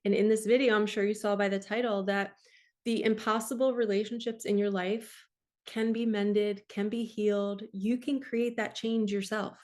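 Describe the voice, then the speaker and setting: A woman in her forties, a spiritual coach, speaks to camera at normal speed in a mid-range, slightly mellow, level voice. Her personal testimony is earnest and emotional, turning tearful at points.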